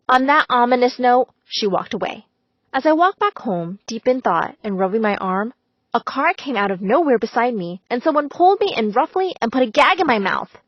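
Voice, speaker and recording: Dramatic high-voiced woman storyteller. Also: normal speed, slightly rough, no room sound. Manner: dramatic, expressive. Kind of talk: scripted first-person story narration. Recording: slightly dull, dry recording.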